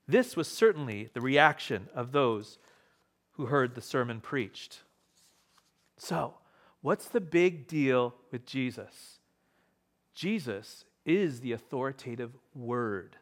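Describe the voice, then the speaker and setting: A pastor preaches a sermon to a live church congregation in a mid-range voice with lively intonation and a slow delivery. He is emphatic, repeating key phrases and varying his pace and loudness.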